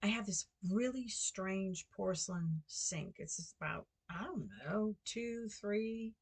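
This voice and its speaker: A woman's voice: medium pitch, takes it slowly, husky. An older American woman chatting casually at home, meandering and correcting herself with lots of fillers. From United States. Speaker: vlogger and guesthouse host. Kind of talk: rambling casual monologue.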